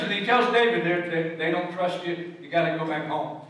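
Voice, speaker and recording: A male pastor preaching a sermon and telling stories, his voice swinging from loud emphasis to hushed tones. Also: on the high side, normal speed. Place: church sanctuary. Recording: echoey church hall from far off.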